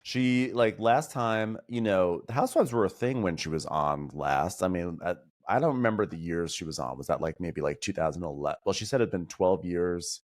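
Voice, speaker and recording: A man guesting on a podcast, chatting about reality TV in an animated, opinionated way and mimicking people he quotes. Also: low-pitched, normal speed, hardly any pauses. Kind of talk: casual pop-culture chat.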